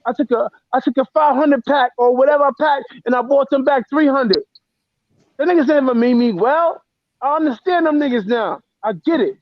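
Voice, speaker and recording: A man's voice: extremely high pitch, moderate pace, dry recording, muffled recording. A man, a guest author telling blunt, profane, emotional stories in a casual interview. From the Bronx, New York.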